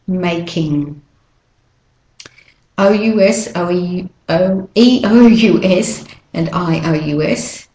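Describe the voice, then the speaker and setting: A woman teaching English pronunciation, saying example words slowly and clearly and repeating them. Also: fairly low pitch, darkish tone, roomy sound, rough recording. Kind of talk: pronunciation lesson.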